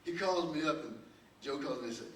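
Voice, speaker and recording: An older record producer, appearing as a panel guest, tells a long, rambling anecdote with many restarts, chuckling as he goes. His fairly high, animated, fairly bright voice runs a little fast, heard through a distant mic in an echoey hall with faint ambience and a little hiss or hum.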